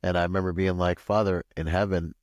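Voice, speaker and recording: A man from Washington State, a podcast guest, telling a long personal story in a rambling, animated way full of "like" and "you know.". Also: fast, no echo, lo-fi sound. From Washington State, USA. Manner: acts out quoted voices with pitch jumps. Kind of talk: casual storytelling interview.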